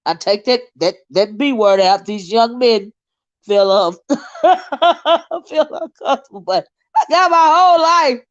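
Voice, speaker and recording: A woman's voice: medium pitch, animated, measured pace, dry recording, lo-fi sound. A woman hosting a casual live stream, laughing often, teasing her chat and getting sidetracked as she reads comments. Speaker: livestream host.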